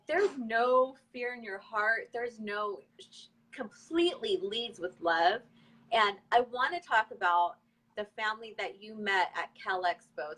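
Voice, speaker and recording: A woman's voice: mid-range voice, fairly bright tone, poor audio. A woman hosting a casual interview, asking questions conversationally. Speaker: host.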